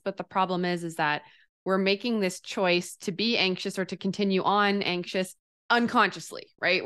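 A woman host with a low-leaning, smooth, resonant voice, speaking in a reflective, conversational way. She talks through her own experience calmly with her guest. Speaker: podcast host. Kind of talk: casual interview chat.

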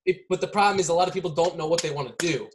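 Guy w slightly high voice rambling thru ideas on a podcast, lots of like and right, repeats himself. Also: very fast, a little hiss or hum, poor audio. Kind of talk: casual chat.

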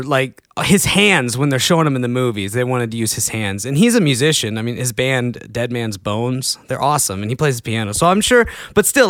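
A man's voice: on the high side, no echo. Rambling young man, dry and close. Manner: rambling, animated, swings between mumbled asides and excited outbursts. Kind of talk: casual solo chat.

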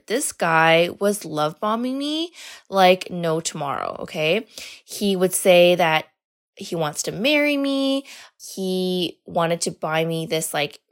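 Chatty young woman telling a story. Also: on the low side. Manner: chatty, lots of "like" and "you know", swears freely. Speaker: podcast host. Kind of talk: casual storytelling monologue.

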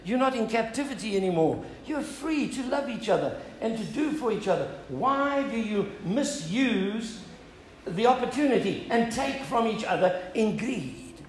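A man's voice: sits high, animated, normal speed, reverberant, slight background noise, rough recording. A male pastor preaching an earnest sermon, building up to emphatic appeals and asking "Amen?".

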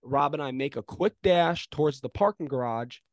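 A young man co-hosting a casual sports podcast, telling an animated, profane story and throwing in mock home-run calls. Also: on the high side, moderate pace, no room sound. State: arm in a sling after shoulder surgery. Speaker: podcast co-host.

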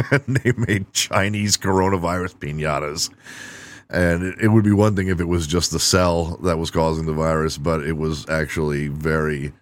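Male podcast host, low register, irreverent and crude, chuckles through his own bits. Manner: irreverent, profane, laughing at own jokes. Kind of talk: casual comedic monologue.

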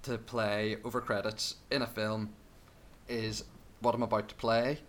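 A man's voice: on the low side, level tone, measured pace, fairly bright tone. A man co-hosting a podcast in casual chat, laughing often and repeating phrases playfully. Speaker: podcast co-host.

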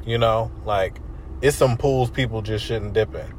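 A man's voice: fairly low pitch, unhurried, darkish tone, slight background noise. A man in casual chat, laid-back and agreeable, giving a friend blunt advice.

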